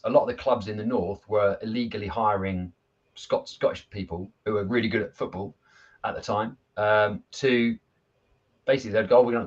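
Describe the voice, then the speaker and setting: A man's voice: fairly low pitch, breathy edge, lo-fi sound. A man, a football coach, telling stories in a casual video chat. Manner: animated storyteller, laughs at his own anecdotes.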